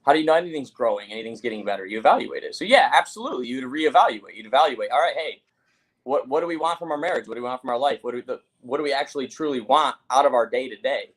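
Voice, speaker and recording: A man talking quickly in a casual podcast conversation. He coaches and questions, dropping curse words as he goes, at an ordinary middle pitch. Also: animated. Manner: rapid, coaching, asks pointed questions, swears freely. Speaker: mental health coach, host.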